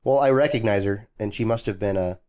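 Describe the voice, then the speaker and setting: A man's voice: fairly low pitch, a little fast, darkish tone. A young man co-hosting a podcast in casual, joking chat. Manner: joking, laid-back, trails off and restarts. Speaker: podcast co-host.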